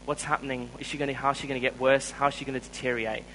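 A man with a South African accent preaching a sermon, telling a personal story in an earnest way and growing louder when he stresses a point. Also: medium pitch, little pitch movement, very fast, a little hiss or hum, low-quality recording.

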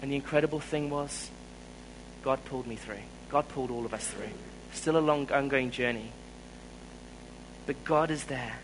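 Delivering a sermon in a South African accent, this man earnestly recounts a personal story, raising his volume to drive points home. He speaks at normal speed with a medium pitch, and there is background noise.

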